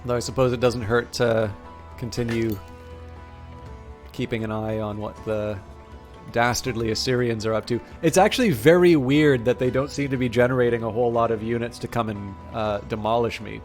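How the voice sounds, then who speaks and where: A man's voice: mid-range voice, fairly even intonation, normal speed, darkish tone, faint music behind. A man streaming live strategy game commentary, thinking aloud with many fillers and restarts and a self-amused tone.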